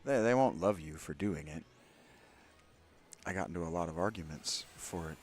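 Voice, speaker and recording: A man's voice: sits low, lively intonation, moderate pace, darkish tone, faint music behind. A man hosting a let's play, giving candid, opinionated gameplay commentary with rambling asides to his viewers.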